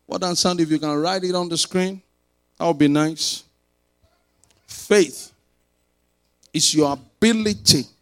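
A man's voice: on the high side, creaky, bright, forceful tone. A man preaching a sermon, drawing the congregation into call-and-response and repeating key lines for emphasis. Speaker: pastor.

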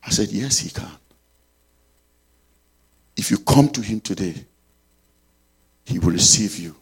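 A man preaching a sermon, telling a story and leading prayer, swinging between loud and soft. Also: fairly low pitch, lively intonation, slow pace, slightly rough.

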